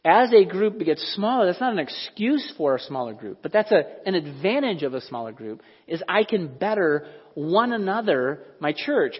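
Pastor, male, high-pitched and a little husky, conversational sermon with questions to the room, dull lo-fi hall recording. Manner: conversational, animated, asks the audience questions. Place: church hall.

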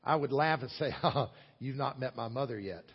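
A man in his sixties from the American South with a Southern accent, preaching a sermon earnestly, with loud stresses and quiet asides. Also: mid-range voice, moderate pace, slightly rough. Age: 60s. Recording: long hall echo, dull lo-fi sound.

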